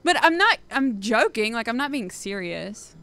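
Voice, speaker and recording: A woman in her twenties, a co-host in the studio, telling a story in a lively, self-mocking way. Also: a little high, normal speed. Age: 20s. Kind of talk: casual storytelling chat.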